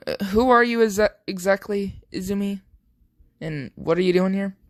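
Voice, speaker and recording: A young man voicing a stern young special forces operative, curt and deadpan. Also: high voice, moderate pace, dry recording, studio quality, natural voice.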